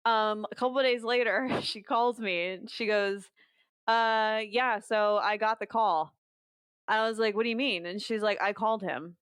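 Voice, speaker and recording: Young woman guest, brisk storyteller, close dry mic. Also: medium pitch, fairly even intonation, a bit bright, smooth, dry recording. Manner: fast storytelling, quoting others in dialogue. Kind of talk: podcast conversation.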